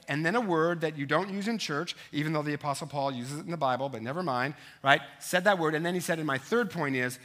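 A male pastor preaching to his congregation in a bright, forceful voice that sits a little high. He tells stories in an animated way and keeps turning to the room with quick asides. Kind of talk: sermon.

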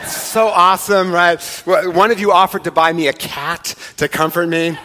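A man's voice: sits high, steady tone, moderate pace, bright, forceful tone, a faint crowd, a little hiss or hum. A middle-aged man preaches a sermon in a church, his voice carrying a long hall reverb. He speaks in a slightly raised register with an easy, conversational manner, teasing his congregation between points. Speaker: pastor. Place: church sanctuary.

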